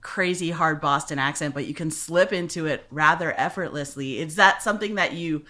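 Bright, admiring woman podcast host. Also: low-pitched, moderate pace. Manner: enthusiastic, admiring, laughs easily. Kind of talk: casual interview chat.

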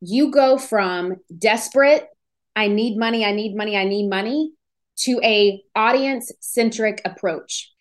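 A woman hosting a podcast, giving an energetic, emphatic motivational talk on business and selling. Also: medium pitch. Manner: energetic, emphatic, acts out inner voices. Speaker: podcast host.

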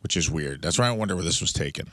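A man from the Midwest co-hosting a radio show, riffing with opinionated, animated remarks. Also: low voice, rapid-fire, no room sound. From American Midwest. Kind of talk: casual radio banter.

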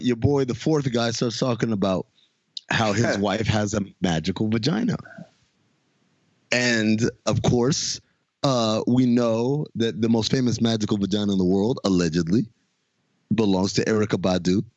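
A man's voice: on the low side, unhurried, no echo, highs cut off. A man hosting a casual podcast chat, retelling a TV episode with jokes and laughter. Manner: animated, laughing, jokey storytelling. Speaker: podcast host.

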